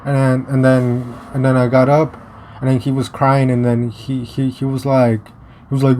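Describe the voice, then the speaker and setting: A man's voice: medium pitch, level tone, warm tone. A young American man talks through a story in a loose, rambling way, stopping and restarting mid-sentence. His speech is blunt and full of swearing, with a faint hiss of noise behind him. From United States. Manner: rambling, halting with many restarts and fillers; profane, blunt. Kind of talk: casual storytelling vlog.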